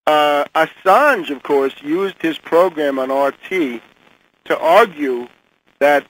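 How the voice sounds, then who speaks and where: A man's voice: on the high side, lively intonation, slow, poor audio. An older man speaking as a guest commentator in a radio interview, often hesitating and repeating words as he makes pointed criticisms.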